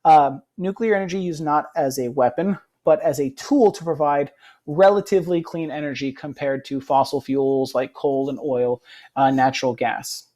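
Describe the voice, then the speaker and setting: A young male history teacher giving a casual recorded lecture, often checking in with "right?" and filling pauses with "uh" and "um.". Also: on the high side, warm tone. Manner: casual, frequent "right?" check-ins and fillers.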